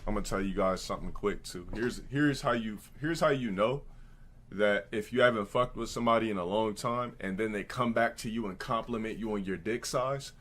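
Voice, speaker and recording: A man live-streaming, telling crude stories and giving blunt advice to his chat, often mimicking others in a high, put-on voice. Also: a little fast, fairly bright tone, a little hiss or hum.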